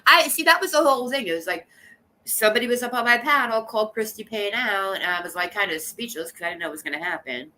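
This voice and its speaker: A woman's voice: medium pitch, lively intonation, fast, bright, forceful tone, slight background noise. A woman live streamer chatting casually with her viewers, rambling and blunt, coughing now and then from allergies. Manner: rambling, blunt and gossipy, talking straight to chat.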